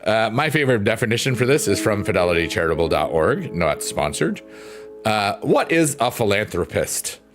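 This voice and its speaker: Low-voiced man chatting casually on stream. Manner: rambling, jokey, reads chat aloud. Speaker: livestream host. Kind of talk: casual chat. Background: piano.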